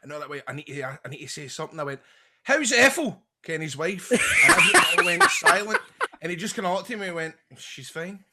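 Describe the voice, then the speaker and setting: A man's voice: fairly high pitch, expressive, very noisy. A Scottish man co-hosting a podcast, telling casual anecdotes and laughing easily. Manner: chatty anecdotes, quick laughter. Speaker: podcast co-host.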